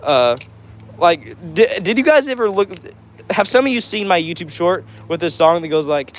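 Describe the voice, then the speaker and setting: A man's voice: high-pitched, animated, normal speed. A man hosting a casual livestream, reading out chat comments in a chatty, upbeat way and often saying "all right". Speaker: livestream host.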